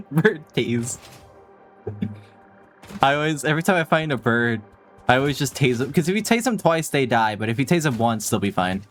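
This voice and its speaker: A male streamer chatting casually while he plays a game live. His voice sits at an ordinary middle pitch, and he keeps a playful, self-mocking tone with frequent laughs. Faint music plays quietly underneath. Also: animated, moderate pace, long pauses. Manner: playful, laughs often, jokey and self-deprecating.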